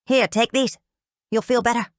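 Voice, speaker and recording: A woman voicing a young granddaughter in an audiobook, speaking raised, firm and quick. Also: fairly high pitch, steady tone, no room sound, clean studio sound, pitched above the performer's own voice, natural voice. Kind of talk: audiobook dialogue.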